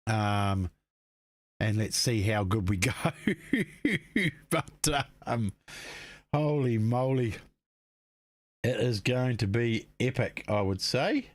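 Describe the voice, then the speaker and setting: Laid-back Kiwi race commentator, matey. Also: male voice, fairly low pitch, takes it slowly, pauses often, dry recording. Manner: laid-back, matey, peppers talk with "mate" and "eh". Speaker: race commentator and stream host. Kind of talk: casual live race commentary.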